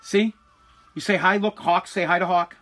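A man's voice: sits high, steady tone, normal speed, pushed and bright, faint music behind. A man hosting a podcast, ranting heatedly with profanity and frequent restarts. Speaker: podcast host. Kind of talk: ranting political commentary.

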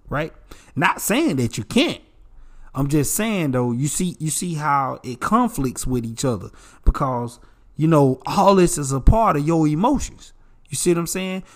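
Animated preachy man, slightly high voice. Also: moderate pace. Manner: animated, preachy, addresses listeners as bro and y'all. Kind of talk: casual advice talk.

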